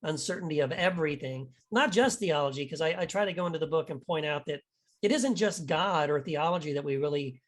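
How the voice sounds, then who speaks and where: A man's voice: on the high side, brisk. A man talking as an author guest in a casual interview, candid and rambling, self-deprecating, often laughing.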